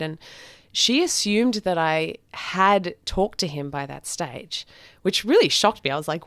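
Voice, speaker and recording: A young woman tells her own story as a podcast guest, frank and reflective, often pausing on fillers. Her voice sits on the low side. The recording is dry, close and without echo. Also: lively intonation, fairly bright tone, smooth. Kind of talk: candid personal storytelling.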